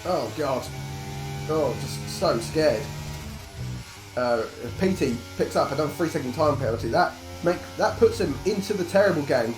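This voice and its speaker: Lively, jokey male race commentator. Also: a little high, normal speed. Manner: jokey, blunt, swears freely. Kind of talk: live esports race commentary. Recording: roomy echo, faint music behind.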